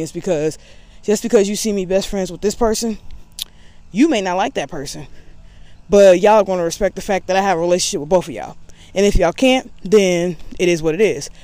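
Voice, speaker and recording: A woman's voice: on the low side, dark tone. Woman vlogger, casual talk, candid, rambling, sassy.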